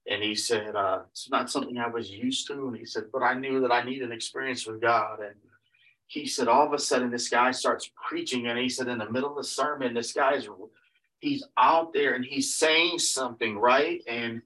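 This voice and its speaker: A man preaching and retelling a story in a loose, meandering way, stacking "he said" on almost every line. His voice sits at an ordinary middle pitch for a man. The microphone is set back from him, so he sounds distant. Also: fairly even intonation, moderate pace, bright, forceful tone. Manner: rambling, retelling with many repeated "he said" tags and restarts. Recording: voice picked up from a distance.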